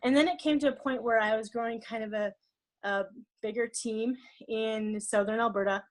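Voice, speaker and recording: A woman on a team call, telling a personal story about stage fright, fast and emotional, often repeating words. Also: fairly high pitch, steady tone. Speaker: network marketing team leader. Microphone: call or stream mic.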